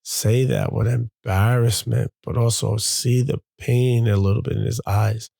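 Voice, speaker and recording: A man's voice: mid-range voice, a little slow, creaky, mellow, dry recording. A man, a father hosting his own show, speaking in a candid, confessional monologue that halts and repeats as he gathers his thoughts.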